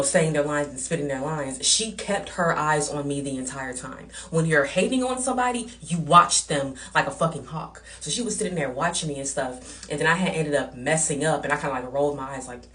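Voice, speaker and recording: A woman's voice: low-pitched, brisk, fairly bright tone, far from the mic. A woman telling a storytime vlog, ranting in a blunt, profane and heated way. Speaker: vlogger.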